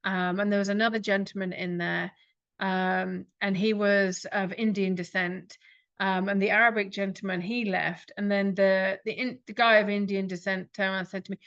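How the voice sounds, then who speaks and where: A woman's voice: medium pitch, little pitch movement, brisk, a bit bright. A woman giving an earnest reflective talk, pressing her listeners with rhetorical questions. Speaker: speaker. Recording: dull lo-fi recording.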